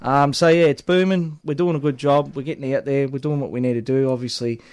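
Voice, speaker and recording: A man's voice: medium pitch, steady tone, brisk, a little mellow, clean tone, no room sound. An Australian man working as a union organiser, talking casually and leaning on fillers like "obviously" and "at the end of the day". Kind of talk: casual podcast chat.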